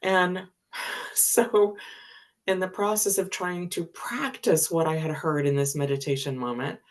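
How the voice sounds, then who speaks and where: A woman in her seventies, a spiritual teacher, telling a personal story in a candid, chatty way and laughing easily. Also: lowish voice. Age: 70s.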